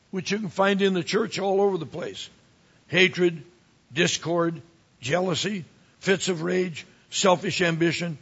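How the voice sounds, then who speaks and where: Husky-voiced preacher man, high and animated. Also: highs cut off. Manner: animated preaching, swings from quiet asides to emphatic rises. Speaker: pastor. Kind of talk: sermon.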